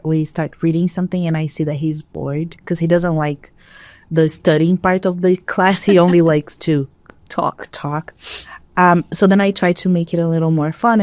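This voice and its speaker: A woman's voice: on the low side, a little mellow, no room sound. A Brazilian woman who is an English teacher, whose first language is Portuguese, explaining her ideas thoughtfully in a casual podcast conversation, speaking English with a Brazilian accent.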